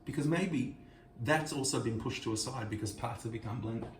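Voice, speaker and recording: This is a sincere, reflective Torah teaching from a kitchen, where the male host reads Hebrew verses of a scripture passage and explains them. His mid-range voice keeps a moderate pace. Echo, a distant mic and a little hiss or hum are present.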